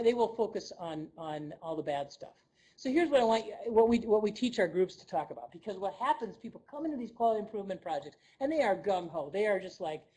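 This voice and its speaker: A woman's voice: medium pitch, dark tone, breathy edge, low-quality recording. A woman presenting a leadership workshop to a live audience, conversational and checking in with "okay?" as she goes.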